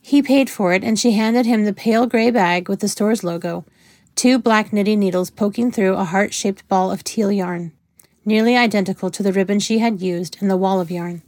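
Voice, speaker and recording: This is scripted narration of a novel by a female audiobook narrator, whose reading stays even and measured. Her voice sits at a medium pitch, captured cleanly in a studio with no echo.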